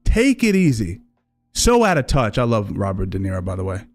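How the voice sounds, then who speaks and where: A man's voice: low voice, big pitch swings, fast talker, soft background music. A man hosting a livestream, reacting to clips in a rambling, casual way, often correcting himself and swearing. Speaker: livestream host.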